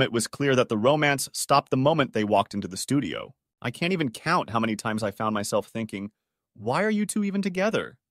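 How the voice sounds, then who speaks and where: A man reading online stories aloud as a narrator, with a steady, evenly paced storytelling delivery. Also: medium pitch, no room sound, studio quality.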